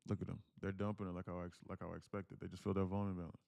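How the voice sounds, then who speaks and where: A young man with a low, gravelly voice runs live trading commentary, chatting freely and thanking viewers as he goes. The sound is dry and close, with no room around it. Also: level tone, very fast, a little mellow, no room sound. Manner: chatty, thanks viewers, switches to a higher put-on voice when reading comments. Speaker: day trader streaming live.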